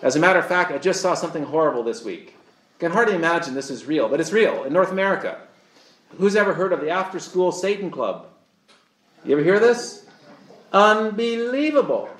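A man's voice: a little high, animated, fast talker, a bit bright, echoey room. A man preaching a sermon as pastor, earnest and fond of rhetorical questions to his listeners.

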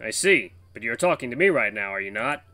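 A man voicing a calm, mysterious male stranger in a visual novel game, smooth and probing. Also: mid-range voice, fairly quick, no echo, faint music behind, pitched below the performer's own voice.

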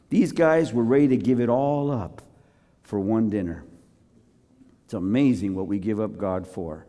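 A man's voice: on the low side, unhurried, long pauses, mellow. A man preaching a sermon, theatrical and joking as he tells a story. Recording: long reverb of a large hall.

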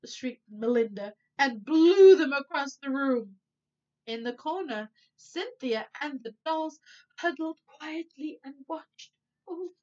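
A woman teacher reading a storybook aloud to children, animated and expressive, with playful asides. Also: a little high. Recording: dull lo-fi recording.

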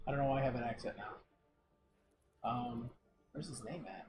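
A young adult game streamer chatting casually and excitably from home, thanking viewers by name. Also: medium pitch, measured pace. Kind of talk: casual live-stream chat. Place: home room. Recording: keyboard typing noise behind.

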